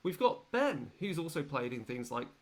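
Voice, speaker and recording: A man's voice: on the high side, big pitch swings, normal speed. A man hosting as game master, introducing his players and the tabletop game in a chatty, rambling way with many fillers.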